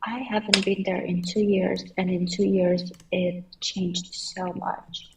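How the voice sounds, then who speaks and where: A woman's voice: lowish voice, little pitch movement, slow pace, gravelly, recorded from a distance, noisy background. A woman guest on a podcast in casual chat, speaking unhurriedly with some hesitation. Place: podcast recording in Seoul.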